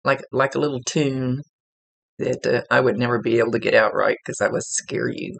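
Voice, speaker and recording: A man's voice: medium pitch, steady tone, normal speed, vocal fry, fairly bright tone, husky. A man working as a psychic medium, talking casually and rambling as he relays messages aloud. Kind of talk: casual spirit reading.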